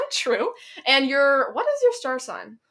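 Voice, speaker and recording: A young woman from Canada co-hosting a casual podcast, rambling and giggling with sudden loud outbursts. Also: sits high, wildly swooping pitch, takes it slowly. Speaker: podcast co-host. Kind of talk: casual chat.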